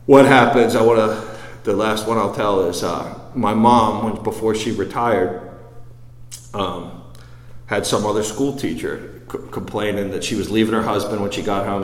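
A man sharing a personal recovery story with a group, rambling, full of quick asides. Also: on the low side. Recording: echoey hall.

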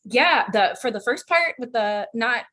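A woman in her thirties sharing her recovery story in a chatty, animated way, full of fillers and acted-out quotes. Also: on the high side, measured pace. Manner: chatty and animated, quotes others in raised voices, frequent fillers. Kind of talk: casual personal storytelling.

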